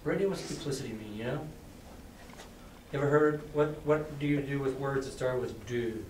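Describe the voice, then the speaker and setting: A man's voice: medium pitch, moderate pace, a little hiss or hum. A male teacher reads a novel aloud to his class and casually explains words, quizzing students. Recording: echoey classroom, distant mic.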